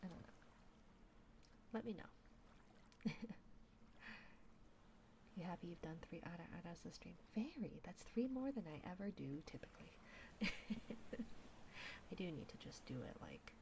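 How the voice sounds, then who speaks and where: Woman, whispered ASMR livestream chat, soft breathy whisper, slow unhurried pace, low gravelly voice, noisy hiss behind. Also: expressive. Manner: soft whispering, slow and drawn out, often giggling. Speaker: ASMR streamer. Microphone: binaural dummy-head microphone.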